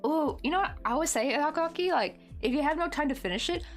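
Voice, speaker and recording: A woman's voice: sits high, animated, fast talker, faint music behind. A woman chatting casually with viewers while crocheting, rambling along with lots of "like" and frequent laughter. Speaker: crochet livestreamer.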